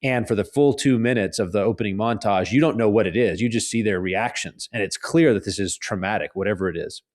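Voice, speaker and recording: A fairly low-pitched man speaks as a guest author in a conversational interview. He argues earnestly and with animation, and he often stumbles and restarts his sentences. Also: brisk.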